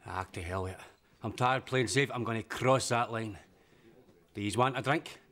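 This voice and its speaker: A man's voice: medium pitch, moderate pace, a bit bright, close to an everyday voice. An actor playing a grudging, sardonic Glaswegian barman in a sitcom. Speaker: Norrie, a barman. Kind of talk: sitcom acting.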